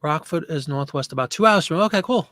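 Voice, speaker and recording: A man's voice: fairly high pitch, animated, quick pace, a bit bright, no room sound, clean studio sound. A man hosting a live stream, chatting casually and answering viewer comments.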